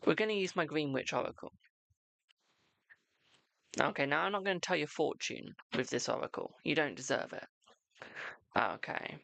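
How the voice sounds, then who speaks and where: A man's voice: fairly high pitch, expressive, moderate pace, creaky, pauses often, bright, forceful tone, no echo. An English man hosting a live-streamed tarot reading, chatty and cheeky, calling viewers "my darling" and slipping into mock-ominous warnings.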